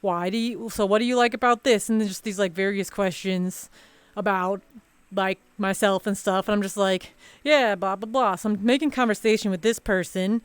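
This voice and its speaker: A woman's voice: medium pitch, fairly even intonation, normal speed, clear, resonant tone, dry recording. A woman streamer telling a story in a casual, rambling chat full of fillers and restarts.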